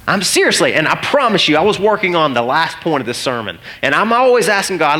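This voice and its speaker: A pastor in his thirties delivers a sermon with a bright, forceful voice that sits a little high for a man. He tells stories animatedly and acts out the voices in them. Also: big pitch swings, brisk.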